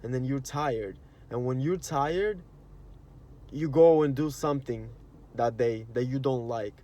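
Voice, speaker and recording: Here a spiritual vlogger's warm, mid-range voice moves a little slowly. He goes on in an earnest, rambling way, using casual slang and many instances of "you know" and "like," and dramatizes quoted inner voices.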